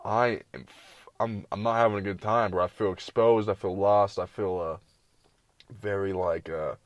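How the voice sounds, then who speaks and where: A man's voice: on the low side, fairly even intonation, moderate pace, no echo, lo-fi sound. A man giving casual, rambling reaction commentary, full of profanity and slang. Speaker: streamer reacting to videos.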